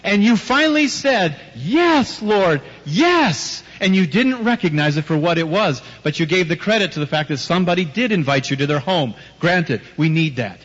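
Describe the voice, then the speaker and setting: A man's voice: fairly high pitch, expressive, a little fast, few pauses, a bit bright. A man preaching a sermon before a live audience, telling personal stories with emphatic rhetorical questions and light teasing. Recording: dull audio with long hall reverb.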